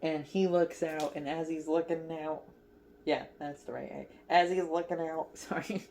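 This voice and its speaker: A woman's voice: low-pitched, fairly even intonation, moderate pace, darkish tone, a little hiss or hum. A woman casually recapping a movie as a crochet vlogger, chatty and giggly, with lots of fillers.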